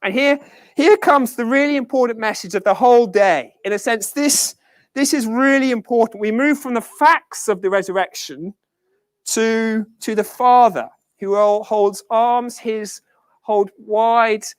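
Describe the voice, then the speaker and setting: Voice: medium pitch, measured pace, no echo. Earnest preacher with a dry sound. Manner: earnest, emphatic, repeats key phrases. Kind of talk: conversational sermon.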